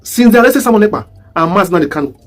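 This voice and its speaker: A man's voice: sits high, lively intonation, very fast, soft background music. A man with a Nigerian accent giving emphatic, rhetorical commentary to his viewers, firing repeated questions. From southeast Nigeria. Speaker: online commentator. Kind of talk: commentary video.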